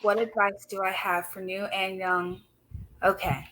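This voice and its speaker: A woman's voice: medium pitch, a little slow, rough recording. A teenage girl in her late teens on a video call, answering interview questions in an earnest, chatty way. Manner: earnest, lively storyteller who laughs easily. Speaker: student host answering an officer's questions.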